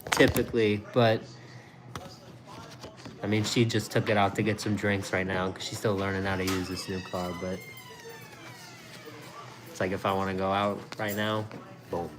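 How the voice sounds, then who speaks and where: A young man chatting casually as a food review vlogger, rambling and excitable, restarting his sentences often. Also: fairly low pitch, a little slow, pauses often, noisy background. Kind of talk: casual chat.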